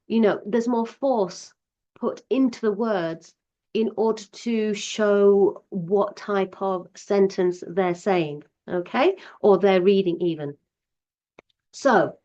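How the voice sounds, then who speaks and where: A woman's voice: mid-range voice, darkish tone, dull audio. Patient woman explaining like a teacher. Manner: patient, explains step by step with examples, often says okay. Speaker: teacher giving parents advice. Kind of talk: casual explanatory talk to camera.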